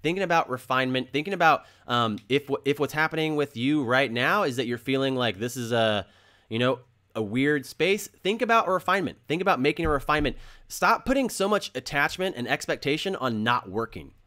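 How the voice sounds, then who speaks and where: A man's voice: medium pitch, expressive, fairly quick, pushed and bright. A man hosting a crypto channel, talking casually and earnestly and repeating phrases for emphasis while he explains with drawings.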